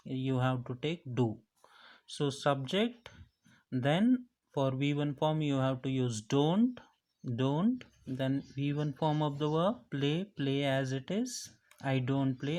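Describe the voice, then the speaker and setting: A man's voice: on the high side, a little mellow. A man teaching a grammar lesson, explaining each step patiently and repeating the key phrases. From India.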